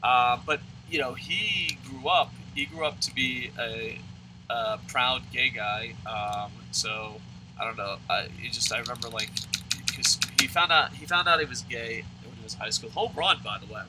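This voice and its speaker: A young man tells a rambling, profane story while playing a video game, his voice at an ordinary middle pitch. He talks casually and keeps swearing. A steady hum of background noise sits under the recording. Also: normal speed. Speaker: let's play commentator. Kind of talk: casual storytelling over gameplay.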